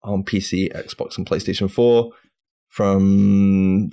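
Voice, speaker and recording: A man's voice: sits low, fairly even intonation, slow pace, warm tone. A man from the UK hosting a casual gaming podcast with friends, running the segments and swearing freely in the banter. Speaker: podcast host.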